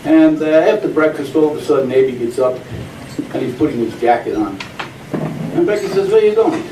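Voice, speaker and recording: A man's voice: medium pitch, normal speed. A man telling jokes to a small audience in a folksy storyteller's way, putting on the voices of his characters. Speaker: joke teller. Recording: echoey room, mic at a distance, noisy.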